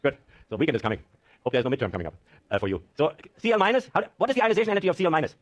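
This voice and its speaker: A man's voice: fairly high pitch, wildly swooping pitch, racing, dull audio. A man giving a chemistry lecture to a class, often asking the students questions and checking in with "okay?".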